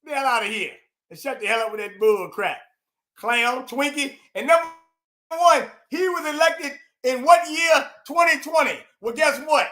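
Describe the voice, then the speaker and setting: Loud ranting high-voiced man. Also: normal speed. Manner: loud, cursing, mocking ranting. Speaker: show host. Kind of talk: heated casual commentary.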